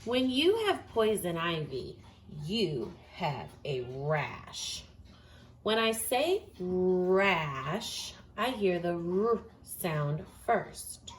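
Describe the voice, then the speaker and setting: A woman teaching a phonics lesson, speaking slowly and carefully and sounding out each word. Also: on the low side, sing-song, a little hiss or hum. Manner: slow, deliberate, sounds out words.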